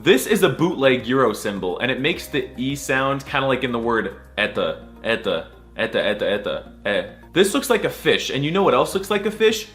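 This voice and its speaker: Animated young man, comic narration. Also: medium pitch, brisk, hardly any pauses, faint music behind. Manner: mock-serious, crude jokes, silly letter sounds. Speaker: comedic video narrator. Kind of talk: comedic scripted narration.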